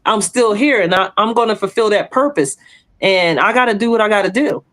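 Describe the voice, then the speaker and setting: A woman's voice: medium pitch, brisk. Bold woman telling her story. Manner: animated storytelling, acts out quoted voices; bold testimony. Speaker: podcast co-host. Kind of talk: casual chat.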